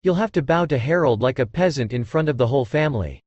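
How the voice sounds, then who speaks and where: A man's voice: mid-range voice, animated, fast talker, darkish tone, no room sound, dull audio, lightly acted. A man voicing an angry, proud middle-aged father in an audiobook, growling and chiding.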